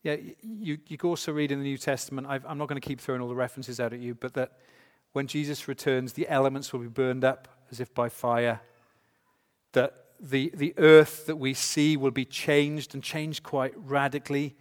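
A man's voice: medium pitch, steady tone, normal speed. A man preaching a sermon to a congregation, emphatic and full of rhetorical questions. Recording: long hall reverb.

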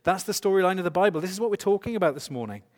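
Preacher with a slightly high voice in a reverberant hall. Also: male voice, expressive, rapid-fire. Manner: emphatic, rhetorical questions to the congregation. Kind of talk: sermon.

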